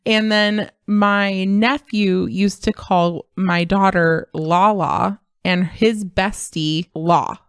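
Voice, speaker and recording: A woman in her thirties co-hosting a casual podcast, telling stories with lively energy and mimicking children's voices. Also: mid-range voice, takes it slowly, few pauses, clean tone, no echo, studio quality. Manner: animated storytelling, imitates kids' voices. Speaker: podcast co-host. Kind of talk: casual chat.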